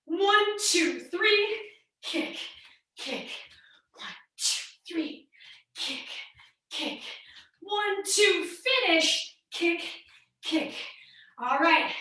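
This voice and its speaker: A woman's voice: extremely high pitch, sharp tone. A woman leading a live online fitness class, counting reps and coaching form in an upbeat way. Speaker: fitness instructor. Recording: echoey room, mic at a distance.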